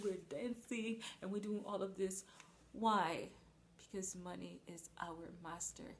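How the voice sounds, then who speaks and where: A woman's voice: lowish voice, fairly even intonation, normal speed, creaky. A woman preaching a sermon, earnest and emphatic, acting out little asides.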